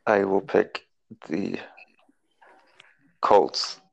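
A man's voice: deep voice, steady tone, very slow, vocal fry, muffled recording. A man co-hosting a casual sports chat, making game picks in a hesitant way with many fillers. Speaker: co-host making football picks.

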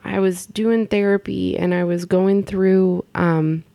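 Slow, gravelly-voiced woman in conversation. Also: medium pitch, steady tone, dark tone. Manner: slow and hesitant, with fillers. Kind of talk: casual conversation.

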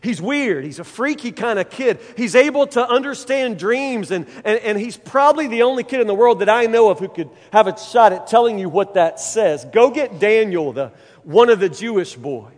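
A brisk, bossy queen mother, put on by a man with a fairly high voice. She scolds without ceremony, in a storyteller's caricature. Long reverb from a large hall trails each line. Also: lively intonation. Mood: scolding. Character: stern blunt old queen mother.

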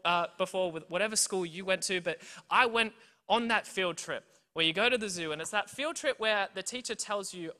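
Bright-voiced Australian preacher in a big hall. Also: medium pitch. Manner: animated, tells stories, keeps checking in with "right?" and "okay?". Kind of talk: sermon with humorous storytelling. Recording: long reverb from a big hall.

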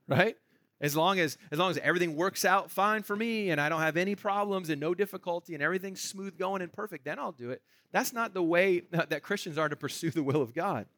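A man's voice: sits high, fairly quick, fairly bright tone, no echo. A man preaching a sermon as pastor, in a conversational way that checks in with the congregation. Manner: conversational, asks the room "right?".

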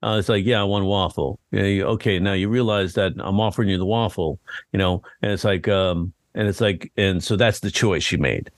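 A man's voice: low-pitched, fairly quick, no room sound. A man co-hosting a casual podcast chat, rambling with lots of fillers and acting out quoted dialogue. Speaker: podcast co-host.

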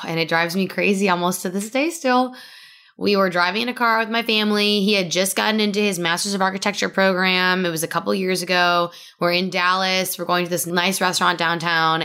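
A woman's voice: fairly low pitch, sharp tone. A young woman co-hosting a podcast, telling a personal story in a chatty way with lots of "like" fillers. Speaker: podcast co-host. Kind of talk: casual podcast chat.

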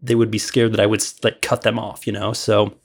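A man's voice: on the low side, flat delivery, a little fast, vocal fry, husky. A man from Illinois telling a long, rambling story as a podcast guest, full of fillers and restarts. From Illinois, USA. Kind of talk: casual storytelling.

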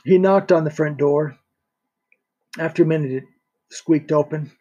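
A man narrating a thriller audiobook in a steady reading voice, with a few small restarts. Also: on the high side, unhurried, husky, highs cut off.

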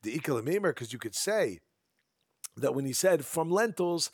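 A man's voice: fairly high pitch, sing-song, moderate pace, dry recording. A man teaching a Talmud lesson, reading the text in a sing-song study chant and explaining each phrase in casual English.

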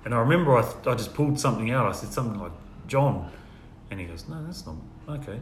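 A man casually recounting church testimonies, telling his story and softly acting out the dialogue. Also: mid-range voice, sing-song, fast talker. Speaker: guest sharing testimonies. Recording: echoey room with faint ambient noise.

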